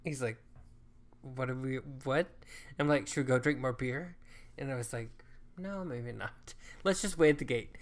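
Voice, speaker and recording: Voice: mid-range voice, normal speed, long pauses. A co-host telling a travel story in casual chat, swearing freely and acting out what people said. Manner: profane, chatty, acts out quoted lines.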